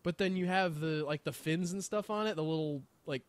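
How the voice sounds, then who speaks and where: A man's voice: on the high side, brisk, no echo. A man co-hosting a podcast in casual chat, enthusiastic and rambling with lots of fillers. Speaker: podcast co-host.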